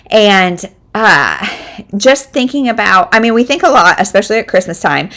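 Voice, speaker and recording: Woman in her 30s rambling about books, lots of ums and likes, mid pitch. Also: expressive, moderate pace, bright, forceful tone. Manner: chatty, rambling with many fillers. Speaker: book vlogger. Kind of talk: casual chat.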